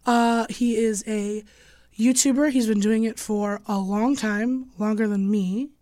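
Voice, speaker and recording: A hoarse woman with laryngitis hosts a podcast in easy, casual chat, poking fun at herself as she goes. Her voice sits a little high and sounds dry and close, with no room around it. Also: steady tone, a little slow, warm tone, dry recording. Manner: self-deprecating, joking. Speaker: podcast host.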